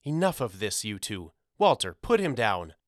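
Guy doing a stern mama with authority, unhurried, crisp voice, audiobook. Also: mid-range voice, sing-song, a bit bright, dry recording, clean studio sound. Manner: authoritative, firm. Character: stern but kind mother, commanding authority. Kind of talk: audiobook character voice.

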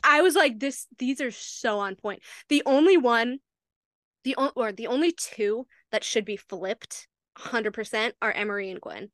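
A young woman co-hosting a podcast in casual chat, animated, swearing freely and mimicking lines in quoted voices. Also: on the high side, a little slow, dry recording, studio quality. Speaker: podcast co-host.

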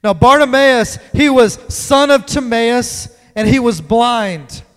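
A man preaching a sermon, dynamic, swinging from loud emphatic lines to hushed ones. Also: very high-pitched, takes it slowly. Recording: long hall reverb.

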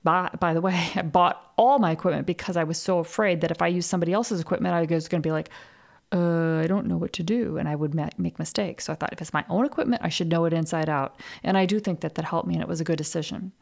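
A woman's voice: fairly low pitch, quick pace, vocal fry, few pauses. A woman hosting a podcast, talking in a candid casual monologue, swearing freely and laughing at herself. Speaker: podcast host.

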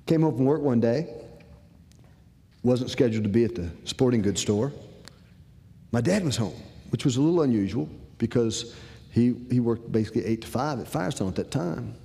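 A man's voice: medium pitch, animated, moderate pace, vocal fry, mellow, long reverb tail. A man telling a personal story to an audience in a folksy, conversational way. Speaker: speaker.

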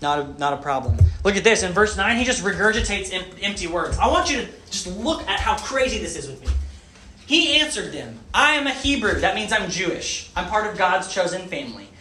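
A man preaching a sermon in an animated way, asking the audience questions. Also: sits high, brisk, soft background music. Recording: echoey room.

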